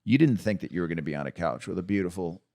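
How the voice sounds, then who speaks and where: A man's voice: low-pitched, very fast, creaky. A man co-hosting a podcast in casual chat, teasing his guests and co-host. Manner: teasing, animated.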